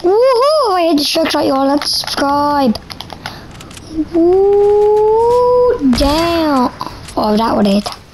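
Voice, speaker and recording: A woman giving hyped gameplay commentary, shouting and chanting repeated words. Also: high voice, a little slow, noisy background. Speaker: gaming video creator.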